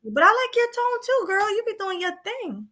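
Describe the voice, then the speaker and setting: A woman's voice: very high voice, sing-song, normal speed, a loud crowd. A woman co-hosting a casual live-stream chat, playful and teasing as she hypes the chat. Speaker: co-host.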